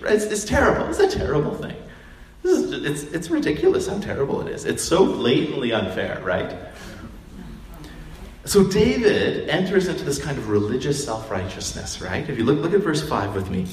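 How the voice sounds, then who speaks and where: Pastor delivering a chatty sermon, recorded from a distance in a reverberant hall with faint ambient noise. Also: male voice, on the high side, normal speed. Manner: conversational, animated storytelling with acted quotes.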